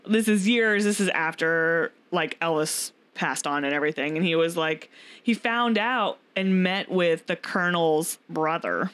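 A woman's voice: lowish voice, a little slow, a bit bright. Woman, podcast host, casual chat, rambling, frequent laughter. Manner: rambling, laughing often, lots of fillers.

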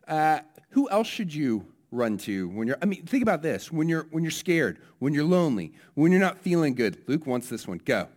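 A man pastor who gives a children's message and then a sermon. He talks in a lively way and keeps asking his listeners questions. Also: on the high side, moderate pace, few pauses.

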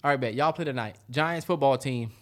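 A man co-hosting a casual sports podcast, blunt and swearing in animated banter. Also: mid-range voice, brisk. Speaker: podcast co-host.

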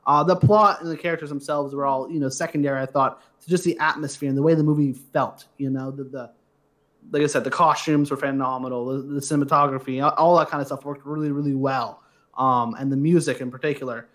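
A man's voice: mid-range voice, steady tone, fast talker, fairly bright tone. A man hosting a casual movie review podcast, talking with enthusiasm and gushing about the film. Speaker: podcast host.

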